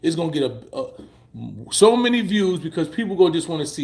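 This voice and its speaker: Male vlogger, high voice, emphatic and profane, casual opinion riff. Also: animated, fast talker, darkish tone. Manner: emphatic, repetitive and profane, drifting high when he presses a point. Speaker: vlogger reacting to a halftime show.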